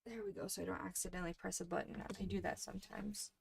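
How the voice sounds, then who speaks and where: A woman in her thirties hosting a crafting livestream, chatting softly and casually with her viewers while she works. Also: medium pitch, sing-song, fast talker, vocal fry, a little hiss or hum. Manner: soft-spoken, chatty, talks to viewers in the chat.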